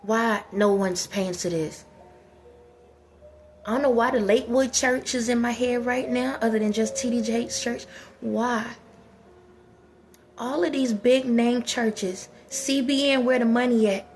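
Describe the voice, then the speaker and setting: A woman's voice: a little high, steady tone, unhurried, long pauses, darkish tone, faint music behind. A woman, delivering a heated casual monologue full of repeated rhetorical questions. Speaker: vlogger.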